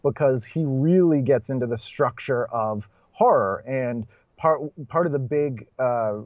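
A man's voice: mid-range voice, measured pace, no echo. A man from Boston, a stand-up comedian, talking casually as a podcast guest, restarting sentences and laughing between points. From Boston, USA. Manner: chatty, self-correcting, laughs between points. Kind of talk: casual conversational interview. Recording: dull, muffled podcast audio.

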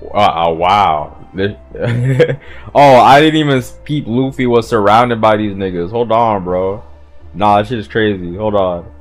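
A man hosting a manga reaction, talking casually, profanely and excitably, with stammered restarts and sudden loud outbursts. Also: lowish voice, unhurried, soft background music.

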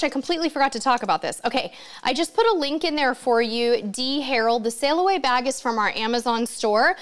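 A woman hosting a casual live-stream Q&A from home, reading out viewer comments and answering them with chatty enthusiasm. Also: high-pitched. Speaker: livestream host answering viewer questions.

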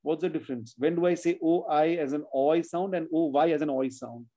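A man's voice: on the high side, brisk, mellow, lo-fi sound. A man teaching children spelling in an online class, patiently sounding out words letter by letter.

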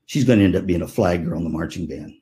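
Giving a conference keynote, a man with a deep, dark voice speaks quickly. He tells stories playfully, jokes with the audience, and acts out the voices of family members.

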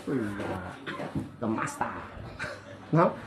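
A man's voice: mid-range voice, lively intonation, very slow, roomy sound, very noisy. A man with a Malaysian English accent, a bone-setting practitioner, commenting while he treats a patient, counting aloud and adding playful sound effects.

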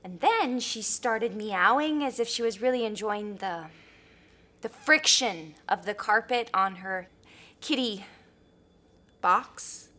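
A woman's voice: medium pitch, expressive, slow pace, sharp tone. An actress playing an earnest woman who overshares at a support group.

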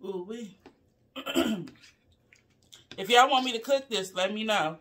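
A woman vlogger eats a meal on a casual live vlog, chatting with viewers she calls "y'all." Relaxed and chatty, she hums "mm" between bites, savoring the food, and talks with her mouth full in a mid-range voice at a slow pace.

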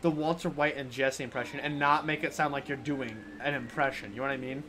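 A woman streamer giving casual live commentary while playing, swearing freely and yelling at enemies. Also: very deep voice, fast, noisy background. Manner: animated, swears a lot, yells at enemies. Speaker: game streamer. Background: game music.

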